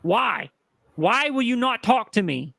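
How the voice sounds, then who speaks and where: Bright, high, pleading aggrieved woman. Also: sing-song, a little slow, gravelly, no room sound, studio quality. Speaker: streamer in a dispute. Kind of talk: heated livestream argument.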